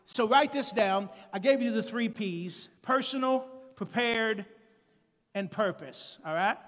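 Man, preacher, high voice, emphatic sermon, shouted peaks, congregation call-outs, long reverb. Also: measured pace. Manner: calls to the congregation. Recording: long church-hall reverb.

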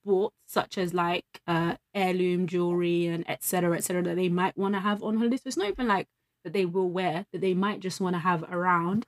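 A woman's voice: fairly low pitch, fairly even intonation, brisk. Chatty woman telling stories. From London. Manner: chatty, storytelling, laughs often. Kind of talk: casual chat.

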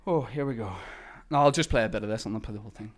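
A woman's voice: very deep voice, racing. A woman, hosting a casual chat and talking in a self-deprecating way. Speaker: podcast host.

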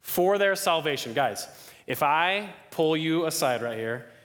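A young man preaching a sermon to a campus crowd, lively, often asking the listeners questions. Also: on the high side, unhurried. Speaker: campus ministry speaker. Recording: long hall reverb.

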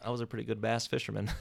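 A man from the American South, relaxed and chuckling as he recalls old times in a casual chat. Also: mid-range voice, fast talker, gravelly. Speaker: conversation participant.

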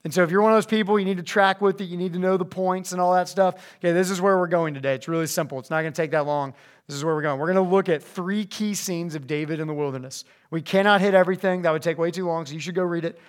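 A young man giving a casual, animated sermon to high school students, slipping into voices as he reads scripture. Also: quick pace. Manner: animated, conversational, acts out voices when reading scripture. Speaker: youth pastor. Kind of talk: youth sermon.

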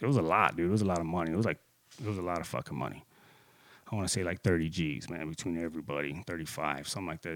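Heated, profane man with a low voice. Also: no echo. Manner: lots of filler, "dude" and "you know". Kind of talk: casual storytelling.

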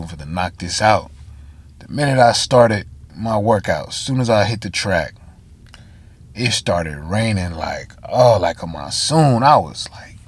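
A man's voice: deep voice, husky. A tired man, telling a story on a casual solo podcast with slang, fillers and asides to listeners. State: tired, yawning. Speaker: podcast host.

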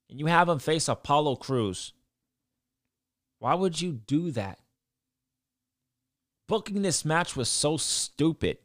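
A man's voice: on the high side, animated, a little slow, long pauses, a bit bright, dry recording, studio quality. A man giving a casual, blunt recap of a show, swearing freely and ranting about what he disliked. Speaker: wrestling show reviewer.

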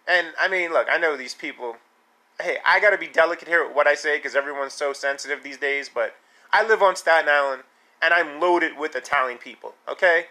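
Bright-voiced man in an indignant rant. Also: a little high, a little fast. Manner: animated, indignant, sarcastic. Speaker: podcast host. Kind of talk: casual solo podcast rant.

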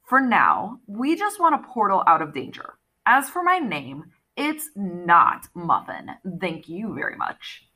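A woman's voice: medium pitch, wildly swooping pitch, takes it slowly, few pauses, bright, forceful tone, slightly rough, full character voice. A woman reading an audiobook, voicing a sly, playful cat goddess in human form with a cool, purring, teasing manner. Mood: cool, brisk. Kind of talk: audiobook character voice.

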